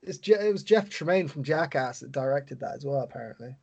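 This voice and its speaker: A man's voice: mid-range voice, expressive, a little fast, creaky, a little mellow, slightly rough. A man co-hosting a podcast in casual chat, sweary and rambling, often breaking into laughter. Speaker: podcast co-host.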